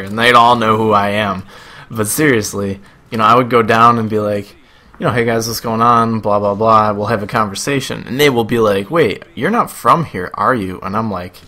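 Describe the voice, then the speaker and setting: A young man with a Buffalo, New York accent rambles through casual video game commentary, chatty and amused with himself. His voice is lowish with a sharp tone.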